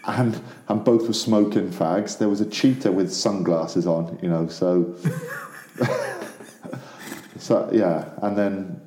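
A man with a very low, mellow voice chats casually as a podcast co-host. He rambles and uses lots of fillers. The sound is roomy and echoey. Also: steady tone, slow. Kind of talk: casual chat. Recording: echoey room.

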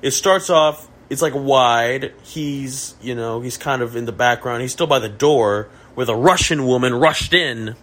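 A man's voice: mid-range voice, unhurried, hardly any pauses, a bit bright. A young man hosting a casual podcast chat, musing in a jokey, mock-profound way. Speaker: podcast host.

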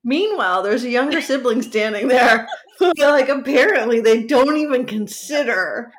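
A woman's voice: on the high side, expressive, moderate pace. A woman co-hosting a casual podcast, making sarcastic, laughing comments about a TV episode. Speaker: podcast co-host. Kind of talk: casual comedic recap chat.

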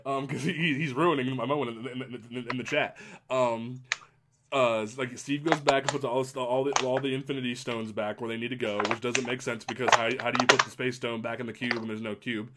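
A man talking in a casual podcast chat, mid-pitched and rambling. He gets excitable and keeps restarting his sentences. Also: heavy background noise. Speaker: podcast host.

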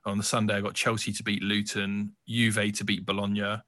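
A man's voice: on the low side, completely flat delivery, brisk, sharp tone. A man co-hosting a podcast, casually talking through his football bets with short, easy replies. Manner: easygoing, chuckles often, brief replies. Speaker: podcast co-host. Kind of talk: casual betting tips chat.

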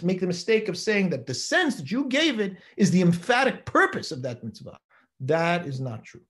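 Male rabbi lecturer, high lively voice, emphatic, rhetorical, Torah class. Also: normal speed. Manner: animated, emphatic, rhetorical questions, quotes Hebrew texts.

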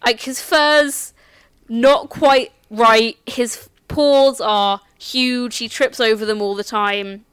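Slow, smooth-voiced woman running the game. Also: fairly high pitch, steady tone, fairly bright tone, no echo. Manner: unhurried, explanatory, with restarts. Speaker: game master. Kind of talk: explaining a tabletop game setup.

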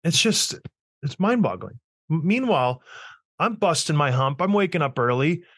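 A man hosts a podcast in a blunt, emphatic rant, pushing his points hard and teasing his co-host. His voice sits a little higher than most men's. The sound is dry and close, with no room echo. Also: big pitch swings, moderate pace, a bit bright. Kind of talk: casual opinionated rant.

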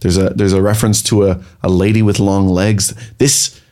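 A man's voice: sits low, level tone, normal speed, mellow. A man appearing as a guest on a comedy quiz podcast, riffing loosely and rambling with lots of "you know". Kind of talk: casual comedic banter.

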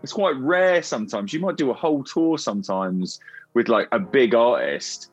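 A male musician guest chats in a friendly, rambling manner, drifting through his sentences. His voice sits at an ordinary pitch and is recorded close and dry, with no room sound. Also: animated, normal speed, dry recording, soft background music. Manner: rambling, friendly, many fillers. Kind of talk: casual interview chat.

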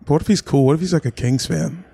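A young man co-hosting a casual podcast, animated and swearing freely as he tells stories. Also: fairly high pitch, fast talker, vocal fry, breathy edge. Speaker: podcast co-host.

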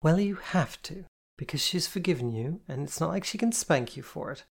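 In an audiobook reading, a reader voices a bossy, teasing older sister acting as the disciplinarian, pitched well above the narrator and clipped with mock patience. The storybook character work is brisk, commanding, and stern in mood, delivered expressively with vocal fry and a breathy edge.

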